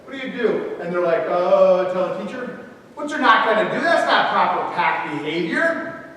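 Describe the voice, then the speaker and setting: A man giving an energetic motivational talk at a school assembly, calling out to the students and acting out kids' voices. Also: high voice. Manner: animated, calls out to the audience, acts out kids' voices. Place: large school gym or auditorium. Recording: echoey hall recorded from far off.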